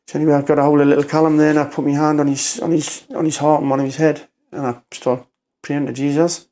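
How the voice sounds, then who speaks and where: A middle-aged man from North East England speaks as a podcast guest. He is emotional and near tears, stumbling and repeating himself. His delivery is rough and plain-spoken, with swearing. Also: a little high, steady tone, fast talker, a little mellow. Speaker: podcast guest, former doorman. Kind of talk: emotional storytelling.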